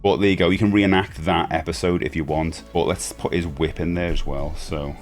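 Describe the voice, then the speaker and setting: A man's voice: low-pitched, fairly even intonation, a little fast, soft background music. A man, chatting casually and enthusiastically while unboxing a collectible toy, rambling with frequent restarts. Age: 40s.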